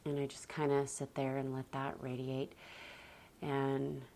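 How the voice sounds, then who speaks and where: A woman who homeschools her children, talking casually to the camera in a calm, soft-spoken and reflective way, with sighs and a lot of "like". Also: extremely low pitch, unhurried. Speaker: homeschooling mother and parenting vlogger.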